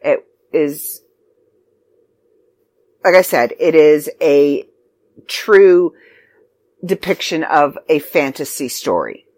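Chatty low-voiced woman podcast host. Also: lively intonation, slow, long pauses, a little mellow, dry recording. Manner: chatty and scattered, frequent ums, talks to her pets mid-show. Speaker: podcast host and magazine contributor. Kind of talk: casual podcast chat.

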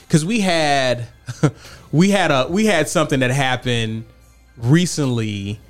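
Animated man arguing his point. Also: on the high side, takes it slowly, soft background music. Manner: assertive, animated, acts out quoted dialogue. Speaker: podcast co-host. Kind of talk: casual debate chat.

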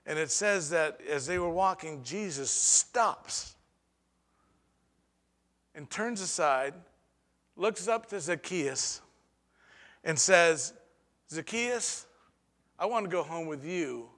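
A man preaching a sermon as pastor, with dramatic pauses and sudden swings between soft and loud delivery. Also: fairly high pitch, expressive, long reverb tail.

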